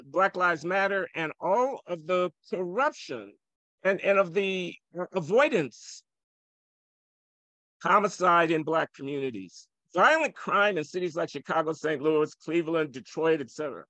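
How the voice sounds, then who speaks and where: An older man, an economist guest, arguing forcefully and provocatively in an interview. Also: fairly high pitch, expressive, a little slow, no room sound. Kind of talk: heated interview argument.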